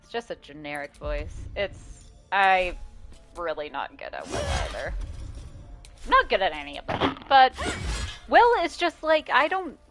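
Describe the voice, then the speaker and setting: A woman streaming a game talks casually to her chat, swearing freely and laughing often. Her voice sits at an ordinary pitch, and faint music plays in the background. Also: sing-song, measured pace, fairly bright tone.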